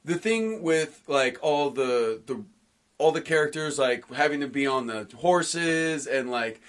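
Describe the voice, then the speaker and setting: A man co-hosting a casual comic book podcast, excitable and rambling, full of restarts and fillers. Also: a little high, unhurried. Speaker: podcast co-host.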